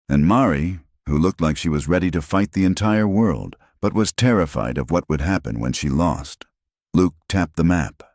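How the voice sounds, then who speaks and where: Deep voiced guy reading a western story, measured, dry close sound. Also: darkish tone, no room sound. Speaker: narrator. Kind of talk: scripted audiobook narration.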